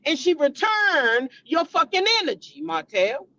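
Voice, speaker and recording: High-voiced female commentary host, blunt, profane, heated; AAVE speech. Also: sing-song, a little slow, bright, forceful tone, rough recording. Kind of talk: casual commentary vlog.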